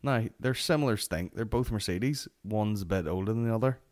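A man's voice: on the low side, brisk, a little mellow. A young Northern Irish man hosting a solo comedy podcast, telling a rambling, sweary anecdote. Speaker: podcast host.

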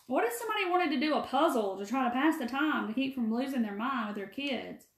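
A woman's voice: high voice, animated, fast talker. A woman with a Mississippi Southern accent, hosting a live craft demo, talking folksy and chatty and answering viewers by name. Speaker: craft live-stream host. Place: empty room. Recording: echoey room.

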